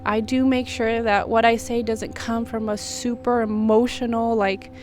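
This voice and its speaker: A woman with a fairly high voice speaks straight to her viewers in a personal vlog. She rambles in a heartfelt, searching way and is at times close to tears. Soft music plays faintly underneath. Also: level tone, a little slow. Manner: heartfelt, rambling, self-reflective. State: tearful at times. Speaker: vlogger.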